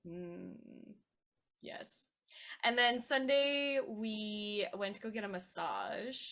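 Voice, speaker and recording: A woman's voice: mid-range voice, expressive, slow, a bit bright. A woman co-hosting a podcast, chatting casually with lots of fillers and laughter. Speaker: podcast co-host. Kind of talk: casual chat.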